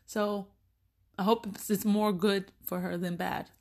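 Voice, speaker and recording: A woman's voice: mid-range voice, unhurried, creaky. A woman in her thirties, a mother, talking casually and animatedly, acting out little exchanges with her children as she tells stories. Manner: chatty, animated, acts out little dialogues with her kids. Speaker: mother sharing parenting stories. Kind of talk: casual monologue.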